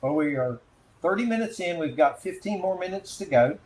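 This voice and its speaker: A man's voice: high voice, lively intonation, moderate pace, darkish tone, slight background noise. Hesitant moderator man in an echoey room. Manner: hesitant, with many fillers while reading names. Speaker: webinar moderator. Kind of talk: moderating a panel, reading audience questions.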